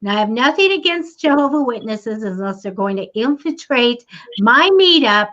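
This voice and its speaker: A middle-aged woman with a slightly high voice tells a story in casual chat, hosting a psychic talk show. She jumps into the voices of the people in her story and laughs often. The audio is muffled and lo-fi, like an online video call. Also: expressive, moderate pace, fairly bright tone.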